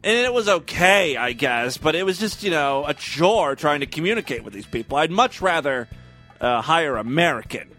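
A man's voice: on the high side, lively intonation, moderate pace, hardly any pauses, bright, forceful tone, soft background music. Profane, sarcastic male podcast host. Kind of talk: casual monologue and comic reading.

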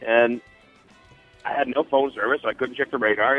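A man's voice: mid-range voice, steady tone, moderate pace, no echo, soft background music. A man leaving a voicemail for a podcast, telling a rambling, wry story. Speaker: caller. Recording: tinny phone line.

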